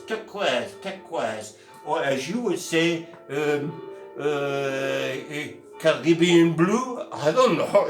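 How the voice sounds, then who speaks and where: An older man giving a casual painting lesson, joking and making theatrical asides to his viewers. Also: on the high side. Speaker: painting teacher. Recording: echoey room, mic at a distance, faint music.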